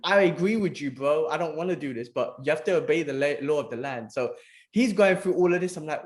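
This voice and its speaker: A man's voice: on the high side, a little fast. A man on a podcast, talking casually with a friend. He tells his stories with animation and swears without a second thought, dropping "bro" every few lines. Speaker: podcast co-host. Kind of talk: casual chat.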